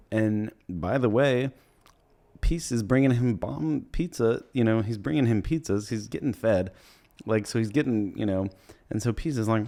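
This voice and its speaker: A young man with a lowish, darkish voice hosts a comedy podcast, rambling through a movie recap and swearing freely. He laughs while retelling scenes and keeps slipping into brief character impressions.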